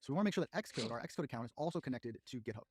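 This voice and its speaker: A man's voice: mid-range voice, lively intonation, rapid-fire, slight background noise. A man giving step-by-step instructions in a coding tutorial. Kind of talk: scripted tutorial narration.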